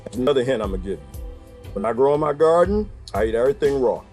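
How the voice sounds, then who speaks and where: A man's voice: medium pitch, sing-song, quick pace, a little mellow, soft background music. A man talking casually to his viewers in a rambling, joking monologue, laughing often and breaking into asides. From United States. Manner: addresses viewers as "people" and "y'all". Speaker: vlogger.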